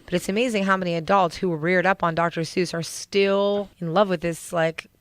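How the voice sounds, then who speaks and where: A woman's voice: lowish voice, steady tone, fairly quick, no room sound. A middle-aged woman hosting a radio show, chatting casually and teasing her guest. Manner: chatty, teasing, laughs easily. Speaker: radio DJ host.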